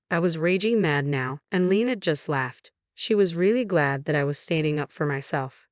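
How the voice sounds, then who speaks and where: A woman reads a first-person story in a low, even voice. Her delivery is measured and unhurried. The recording is dry and close, with no room around her. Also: no room sound. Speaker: narrator.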